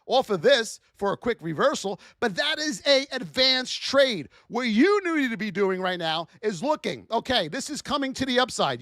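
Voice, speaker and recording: Fired-up man yelling trading lessons. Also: very high-pitched, sing-song, moderate pace, no room sound, clean studio sound. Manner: loud, preachy, often yelling for emphasis. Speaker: trading teacher and livestreamer. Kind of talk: fired-up livestream teaching.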